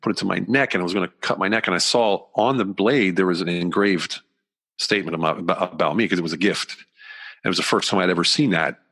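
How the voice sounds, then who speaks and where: A man with a very low, deep voice speaks as a podcast guest. He tells a personal story candidly and earnestly. His sentences ramble and he often restarts them mid-thought. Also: quick pace, sharp tone. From United States.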